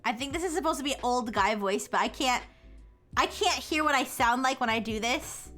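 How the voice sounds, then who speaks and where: A woman's voice: high voice, moderate pace, a bit bright, soft background music. A young woman VTuber chatting casually on a live stream, giggly and rambling. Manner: giggly, rambling, self-mocking.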